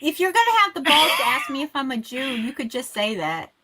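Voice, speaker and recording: A woman rabbi co-hosting a casual chat, sardonic, with quick comebacks and Yiddish slang. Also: high-pitched, big pitch swings, sharp tone. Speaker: rabbi and co-host.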